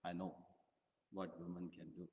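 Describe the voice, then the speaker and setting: A man voicing an arrogant young prince who mocks and teases, in a low voice. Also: level tone, normal speed, gravelly. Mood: mocking. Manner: mocking, dismissive. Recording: dull audio with long hall reverb.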